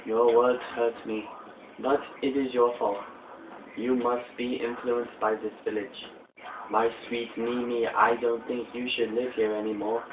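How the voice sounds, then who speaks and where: A young man voicing a lovesick, boastful villainous male baboon doctor from a game, in a slow, drawn-out, pompous way, recorded with tinny phone-like audio. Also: medium pitch, flat delivery, echoey room, recorded from a distance, background noise, lightly acted. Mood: lovesick menacing.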